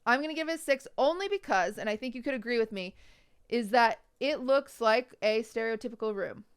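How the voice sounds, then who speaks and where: A woman streamer critiques viewers' bedrooms in a casual livestream, blunt and a little teasing as she nitpicks. Her voice sits fairly high and sounds smooth and clear. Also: brisk.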